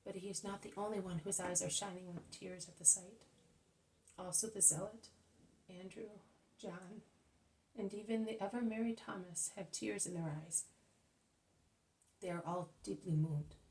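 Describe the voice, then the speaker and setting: A woman narrating a religious text in an earnest, steady reading voice. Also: medium pitch, moderate pace, long pauses, far from the mic, slight background noise, poor audio.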